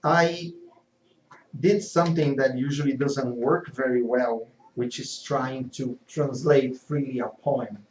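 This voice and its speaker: A man delivers a spiritual lecture in an earnest, measured tone. He speaks slowly and deliberately. The recording is echoey, a bit muffled, with faint room noise. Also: mid-range voice, fairly even intonation, a little mellow. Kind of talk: spiritual lecture and poem reading. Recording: echoey, slightly dull hall recording.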